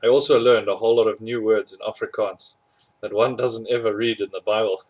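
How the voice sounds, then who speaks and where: In a lowish, steady voice and at a slightly fast pace, a man narrates a storybook chapter. He's amused, chuckles at funny moments and fixes his slips as he goes. The audio quality is poor.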